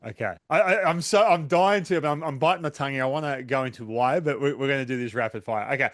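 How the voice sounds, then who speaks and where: A male podcast host firing off quick interview questions, laughing often and tripping over his words. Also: medium pitch. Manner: laughs often, stammering restarts, playful. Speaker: host, former pitcher. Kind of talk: rapid-fire interview questions.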